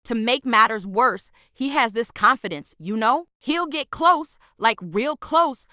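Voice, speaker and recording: A woman with a bright, forceful voice pitched a little high tells a scripted storytime, her tone exasperated and full of sarcasm. The sound is dry and close, with no room around it. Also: lively intonation, measured pace, dry recording. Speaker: storytime narrator.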